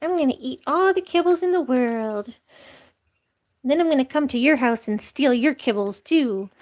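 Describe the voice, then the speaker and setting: A woman's voice: high-pitched, animated, moderate pace, a little mellow. A woman voicing a tiny, boastful, greedy male kitten with a giggly, sing-song manner. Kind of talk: playful pet voice for a vlog.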